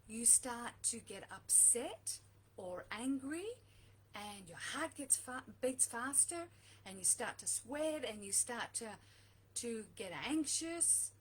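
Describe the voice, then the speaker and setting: A middle-aged woman speaks directly to the camera, earnestly coaching viewers on relationships and repeating her key points for emphasis. Her voice sits on the high side with a breathy edge, and the audio quality is poor.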